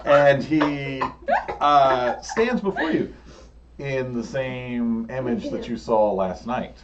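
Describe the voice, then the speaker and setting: Man, game master, slow narration, dull lo-fi sound, faint room noise. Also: medium pitch, distant mic. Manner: slow, unhurried narration, laughs often.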